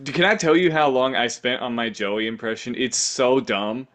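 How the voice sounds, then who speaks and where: A man's voice: medium pitch, moderate pace, fairly bright tone. A man co-hosting a podcast, telling silly improvised stories in a playful, rambling way. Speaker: podcast co-host. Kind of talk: casual improv chat.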